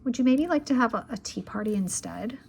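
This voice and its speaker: A woman's voice: on the high side, expressive, a little fast, creaky, a little mellow, a little hiss or hum. A woman reading aloud, voicing a chatty, stubborn little girl who speaks in a matter-of-fact, insistent way.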